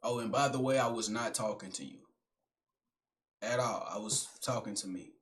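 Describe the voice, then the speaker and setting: A young man doing a comedic monologue in which he talks to himself in slangy, profane speech, swinging between loud projecting and low mumbling. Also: moderate pace. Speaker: skit creator.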